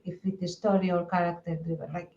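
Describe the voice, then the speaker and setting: A woman's voice: lowish voice, little pitch movement, fast talker, warm tone, echoey room. A woman with an accent co-hosting a casual podcast, thinking aloud about story plotting with frequent restarts. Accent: non-native English accent. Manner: thoughtful, hesitant restarts. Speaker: podcast co-host. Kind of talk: casual chat. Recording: slightly dull lo-fi audio.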